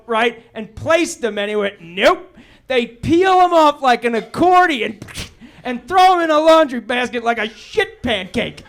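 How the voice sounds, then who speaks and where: A middle-aged man doing a stand-up comedy set on a club stage into a handheld mic, telling stories in a laid-back way that breaks into shouting. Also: extremely high pitch.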